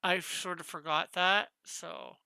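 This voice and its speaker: Bright, crisp streamer thinking aloud. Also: mid-range voice, fairly even intonation, slow, no room sound. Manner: thinking aloud, asking viewers for advice. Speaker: comic artist streaming live. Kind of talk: casual live-stream chat while drawing.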